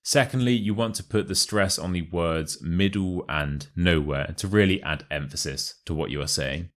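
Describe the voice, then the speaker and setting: Deep-voiced British RP man teaching. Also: normal speed, few pauses. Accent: modern RP British English. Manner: chatty, joking, exaggerated examples. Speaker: English teacher. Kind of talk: casual YouTube English lesson.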